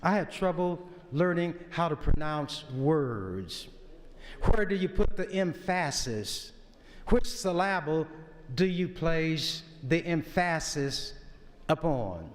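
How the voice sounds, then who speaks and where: Taking his time, a man with a somewhat high, expressive voice addresses the legislature as a state senator. The speech is folksy and lecturing, and the big chamber adds long reverb.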